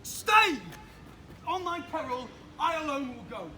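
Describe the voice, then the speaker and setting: A performer playing the scornful young lover Demetrius, shouting curt lines. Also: high voice, lively intonation, normal speed. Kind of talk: outdoor stage acting of verse. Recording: distant and echoey outdoor recording with noise.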